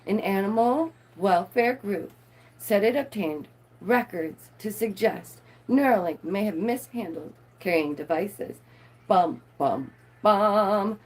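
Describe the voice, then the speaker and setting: A woman's voice: mid-range voice, expressive, takes it slowly. A woman, live streaming and reading news aloud with playful, sarcastic asides to her viewers. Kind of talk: casual live-stream commentary.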